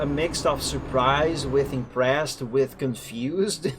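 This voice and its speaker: A young man with a foreign accent, chatting casually and rambling while he streams a driving game, over loud background music. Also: mid-range voice, slow pace, noisy background. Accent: foreign accent in English. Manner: chatty, rambling, self-correcting. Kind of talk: casual live-stream chat while playing. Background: lofi music and truck engine.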